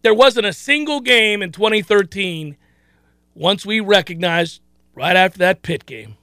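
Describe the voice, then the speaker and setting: A man's voice: sits high, animated, measured pace, bright, forceful tone, dry recording. A man hosting a sports talk show, chatting animatedly about his team and often restarting his sentences. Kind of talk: casual sports talk commentary.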